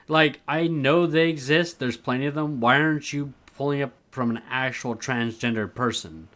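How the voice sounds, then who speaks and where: A man's voice: mid-range voice, moderate pace, fairly bright tone. A man with a mid-range voice co-hosts a casual podcast. He is laid-back and agreeable, and often tosses in a sarcastic aside. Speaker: podcast co-host. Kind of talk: casual chat.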